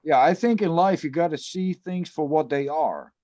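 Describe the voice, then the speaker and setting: A man's voice: a little high, normal speed, mellow, highs cut off. A man who plays in a death metal band, ranting bluntly and with plenty of swearing in a casual podcast chat.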